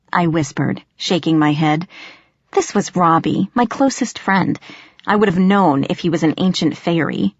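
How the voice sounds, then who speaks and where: A woman narrating an audiobook in first person, expressive and storytelling. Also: lowish voice, measured pace, no room sound. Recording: dry, slightly dull audio.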